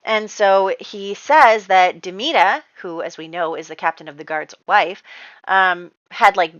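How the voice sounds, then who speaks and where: A woman narrates her life-sim game in a chatty, casual way, full of fillers. Her voice sits at an ordinary middle pitch. The recording is dry and a little dull. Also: a little slow, fairly bright tone, no echo. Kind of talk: casual let's-play storytelling.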